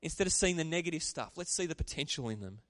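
A man preaching a sermon, animated and calling out to the congregation for responses. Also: fairly high pitch, quick pace, no echo, clean studio sound. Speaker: pastor.

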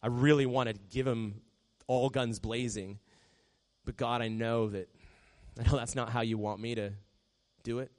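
A man preaching a sermon in a conversational way, often dropping to a soft hush when he quotes a prayer. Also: mid-range voice, fairly even intonation, normal speed, long pauses. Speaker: pastor.

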